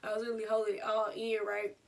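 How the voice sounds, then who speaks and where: A young woman, telling a storytime vlog in an animated, laughing way. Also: mid-range voice, fast talker, creaky, recorded from a distance. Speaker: vlogger.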